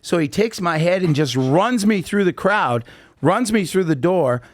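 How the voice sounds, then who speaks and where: A man's voice: high voice, measured pace, no echo. A man guesting on a podcast, telling long casual anecdotes with lots of fillers and restarts. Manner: rambling, animated anecdotes with many fillers. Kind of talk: casual storytelling interview.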